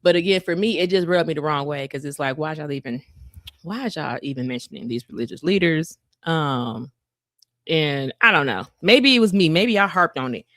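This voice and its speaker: Woman podcaster, lowish voice, dry close sound, loose slangy bible retelling, keeps repeating herself. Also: animated, normal speed, a bit bright, no echo. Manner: drawls, repeats and restarts lines. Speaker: podcast co-host. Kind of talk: casual faith podcast chat.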